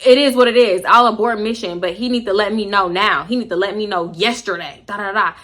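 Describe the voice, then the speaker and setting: A woman's voice: mid-range voice, a little fast, fairly bright tone, natural voice. A woman voicing an angry pregnant young woman who is defiant and blunt.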